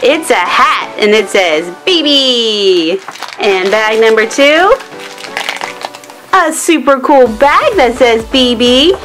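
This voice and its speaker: A woman's voice: a little high, animated, slow. A woman narrating toy unboxing and doll play in a cheerful, sing-song way, with music underneath.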